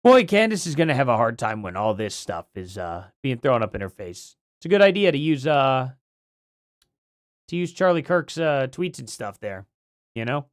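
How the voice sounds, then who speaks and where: A livestream host talks casually and thinks aloud as they read, wandering from one point to the next. The voice is starting to go and the pitch swings up and down a lot. It sounds close and dry, with no room sound. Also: big pitch swings, normal speed, dry recording. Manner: rambling, thinks aloud while reading.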